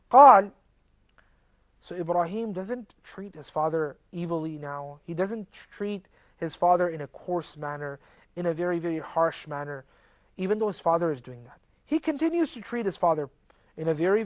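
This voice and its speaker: A man's voice: sits high, brisk, no echo. A man giving a religious lecture, reciting verses and explaining them earnestly and emphatically. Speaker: teacher of Quran commentary.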